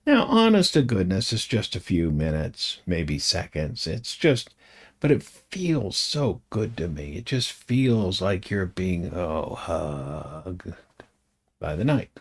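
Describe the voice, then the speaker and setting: An older man chats on at his own pace in a rambling home video monologue, drifting from one aside to the next. His voice sits on the low side but swings up and down a lot, with self-deprecating little chuckles. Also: big pitch swings, takes it slowly, slightly rough. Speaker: vlogger.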